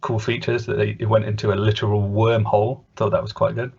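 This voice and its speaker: A man's voice: on the low side, little pitch movement, fast talker, vocal fry, darkish tone, slightly rough. A man co-hosting a podcast, chatting casually with a rambling, hesitant manner full of fillers. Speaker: podcast co-host. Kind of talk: casual chat reviewing a cartoon. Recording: dull lo-fi podcast audio.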